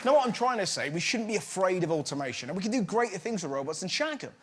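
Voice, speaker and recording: A man doing stand-up as host, animated and mock-outraged, shouting his punchlines. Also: sits high, fast, a loud crowd, heavy background noise. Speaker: comedian host. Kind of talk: stand-up comedy. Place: TV studio with live audience. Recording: loud studio audience laughter.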